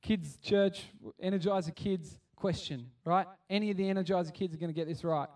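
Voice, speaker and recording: A man's voice: high-pitched, brisk, darkish tone, far from the mic. A man preaching a casual sermon at kids church, full of restarts, that builds to passionate appeals. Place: church hall.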